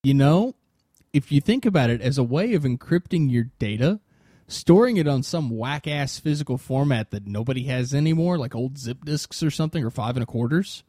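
A man hosting a loose podcast conversation, laughing as he spins a story. His voice is mid-pitched and sits close and dry, with no room around it. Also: animated, fairly quick, warm tone, no room sound. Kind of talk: casual group chat.

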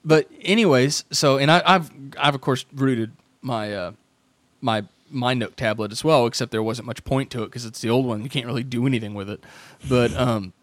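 A man's voice: mid-range voice, normal speed, dry recording. A man hosting a podcast in casual chat, telling rambling stories and acting out quoted dialogue. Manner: rambling storyteller, acts out quoted dialogue with restarts. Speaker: podcast host.

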